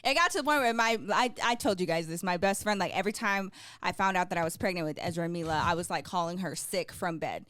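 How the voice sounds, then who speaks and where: Animated young woman telling stories. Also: fairly low pitch, fast, few pauses, dry recording. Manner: animated storyteller, acts out quotes, laughs often. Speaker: podcast co-host. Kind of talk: casual chat.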